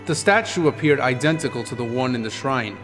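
A man reading an audiobook in a measured, descriptive storytelling manner. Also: mid-range voice, animated, a bit bright. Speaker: audiobook narrator. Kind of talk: scripted audiobook narration. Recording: long reverb with background music.

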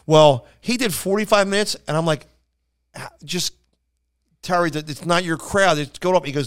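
A male comedian spins rambling stories on a casual podcast, tripping over his restarts and acting out the people he quotes. His voice sits a little high and comes out smooth and clean. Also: moderate pace. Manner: rambling anecdotes with many restarts and acted-out quotes. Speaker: stand-up comedian and podcast co-host. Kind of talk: casual storytelling chat.

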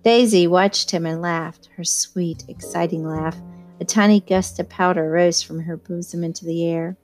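A woman reading a novel aloud in first-person narration, measured and even. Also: lowish voice, soft background music. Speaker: audiobook reader.

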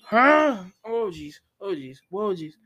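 Excitable young man narrating gameplay. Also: a little high, moderate pace, a little hiss or hum. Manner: excitable, scolds the game character in sudden yelps. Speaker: let's play gamer. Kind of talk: casual gameplay commentary.

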